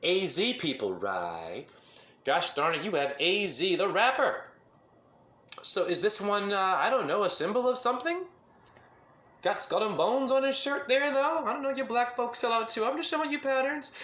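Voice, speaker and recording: A man's voice: high-pitched, expressive, moderate pace, bright, forceful tone, roomy sound. A man giving a rambling monologue to camera as a self-styled spiritual teacher, firing off rhetorical questions and jumping between topics.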